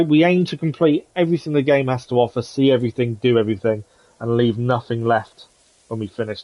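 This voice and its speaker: A man chats through a live gaming stream, friendly and rambling as he reads out viewers' messages. His voice sits in a middle pitch, recorded close and dry with no room echo. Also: darkish tone. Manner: chatty, friendly, reads chat aloud, says "to be fair" often. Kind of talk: casual gameplay commentary, chatting with viewers.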